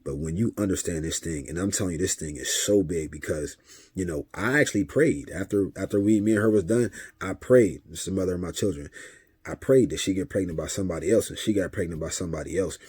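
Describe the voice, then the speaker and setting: Man for a spiritual advice vlog, low and husky, relaxed conversational delivery, acts out dialogue. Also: fast talker, no echo. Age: adult father of several children. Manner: conversational, often repeats a filler tag and acts out dialogue. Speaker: vlogger giving spiritual advice. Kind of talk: casual spiritual talk monologue.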